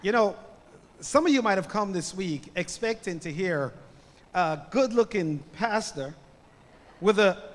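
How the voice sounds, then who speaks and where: A middle-aged man with a Jamaican accent preaching as a guest pastor, greeting the church loudly and telling a story with quiet moments. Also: sits high, animated, a little slow. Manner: loud greeting, then storytelling with soft drops. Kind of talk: sermon. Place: church sanctuary. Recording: church hall reverb with faint ambience.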